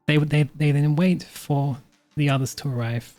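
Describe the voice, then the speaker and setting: A game master narrating a tabletop vampire game in a descriptive, measured way. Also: mid-range voice, fairly even intonation, a little mellow, dry recording, soft background music.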